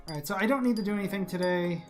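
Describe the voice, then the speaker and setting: A chatty gamer commenting on their play in a mid-pitched voice, humming and muttering between lines. Game music runs clearly beneath the talk. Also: racing. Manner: chatty, mutters and hums while playing. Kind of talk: casual gameplay commentary.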